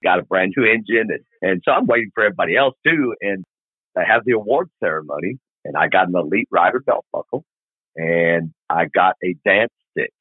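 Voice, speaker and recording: This middle-aged Arkansas guest on a podcast speaks briskly in a low-pitched, husky voice, recorded at phone quality with no echo. Rambling through a long motorcycle story, he casually and animatedly acts out the people in it, quoting what they said.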